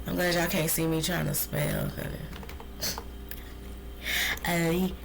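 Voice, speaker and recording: A woman's voice: fairly low pitch, flat delivery, measured pace, gravelly, noisy background. A woman hosting a solo podcast, ranting with passion and plenty of profanity. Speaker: podcast host.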